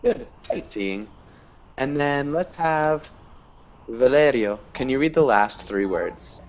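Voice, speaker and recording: A man's voice: mid-range voice, lively intonation, takes it slowly. A man teaching an online English class over a video call, encouraging students and praising their pronunciation. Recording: dull lo-fi video call audio.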